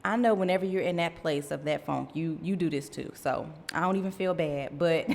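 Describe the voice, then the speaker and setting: A woman's voice: sits low, fairly quick, gravelly, hardly any pauses, a little mellow, long reverb tail. A woman in her thirties hosting a faith podcast, telling a personal story in a chatty way, talking straight to her listeners and laughing at herself. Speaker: podcast host.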